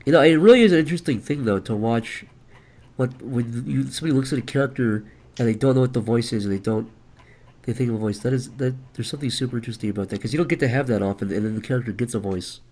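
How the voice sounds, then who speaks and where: A man chatting casually on a livestream, animated, profane and quick to laugh. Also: medium pitch. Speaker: streamer.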